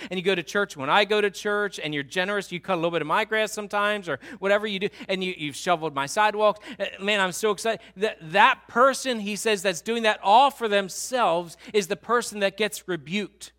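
A man preaching a sermon, moving from animated, loud passages to hushed, slow and intense appeals. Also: high voice. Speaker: pastor.

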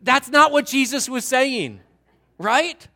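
A male pastor preaches in a conversational, animated way, swinging between loud, eager bursts and hushed asides. His voice sits high for a man. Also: takes it slowly. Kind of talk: sermon.

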